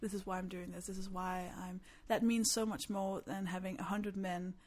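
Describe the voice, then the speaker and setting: A woman from Denmark, a comedian, talking candidly in a chatty, animated way and acting out quotes. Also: mid-range voice, normal speed. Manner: animated storyteller, acts out quotes, frequent laughs. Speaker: stand-up comedian, guest. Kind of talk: candid conversational chat.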